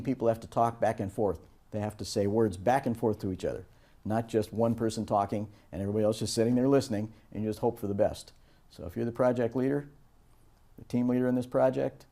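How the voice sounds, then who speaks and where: A man teaching a course on project management, giving a lecture and bringing it to life with animated anecdotes. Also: lowish voice. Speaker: course instructor. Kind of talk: lecture with storytelling.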